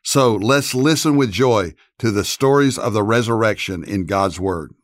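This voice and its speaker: A male pastor and host giving a scripted episode introduction in an earnest, measured way. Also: lowish voice, dry recording.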